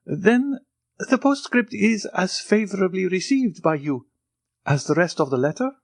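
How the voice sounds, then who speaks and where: A timid, eager old ex-soldier speaks in a strikingly high, quavering voice that swoops up and down as he fawns and frets, as a male audiobook narrator puts him on. The sound is close and dry, with no room around it. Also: lively intonation, measured pace, no echo, heavily acted. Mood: anxious.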